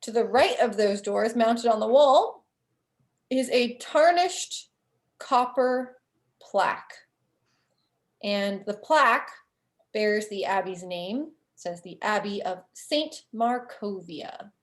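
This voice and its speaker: A woman game master narrating a tabletop game in a relaxed, rambling way full of fillers. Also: fairly high pitch, slow.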